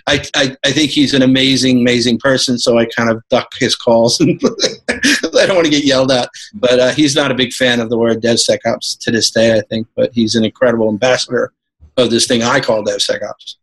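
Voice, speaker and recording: A man's voice: medium pitch, a little fast, fairly bright tone, rough recording. A man from New York, a podcast guest, talking in a rambling, casual way with lots of fillers and laughing asides.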